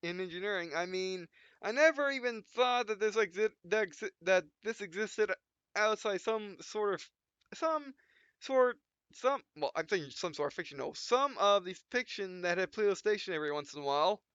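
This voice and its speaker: An excitable young woman engineer, put on by a man reading a sci-fi game aloud, gushing and rambling. The voice sits high and bright. The recording is dry and a little dull. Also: normal speed, smooth, dry recording. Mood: excited.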